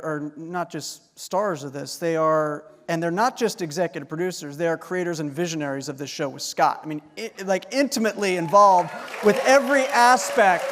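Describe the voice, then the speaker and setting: Eager high-voiced male moderator. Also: fairly bright tone. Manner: eager, asks questions. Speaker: panel moderator. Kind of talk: moderating a live panel. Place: large hall. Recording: live hall with crowd, long reverb.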